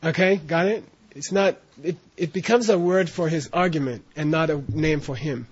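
A man whose husky voice sits on the high side teaches at a moderate pace, often checking in with his students mid-explanation. The recording of the classroom is dull and lo-fi.

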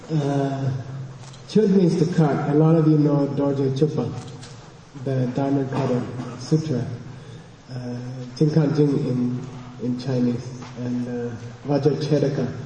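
A man teaching a meditation class to a group, talking in a relaxed, halting way with many fillers. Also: medium pitch, slight background noise. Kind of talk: guided meditation and dharma talk. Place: large echoey hall with a group. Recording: distant voice in a reverberant hall.

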